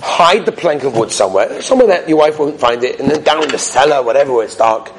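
A man voicing a calm rabbi who gives practical advice. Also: mid-range voice, fast talker, slight background noise, pitched below the performer's own voice, natural voice, low-quality recording. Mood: advising. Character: wise calm male rabbi giving advice.

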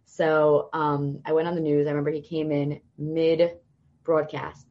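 Young woman, low voice, podcast guest, lively storytelling, lo-fi sound. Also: measured pace. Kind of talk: storytelling in conversation.

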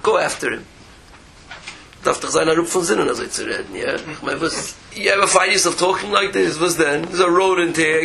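A man giving a Torah lecture as a rabbi, animated, with rhetorical questions and repeated phrases. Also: on the high side, brisk, gravelly, a little hiss or hum, poor audio.

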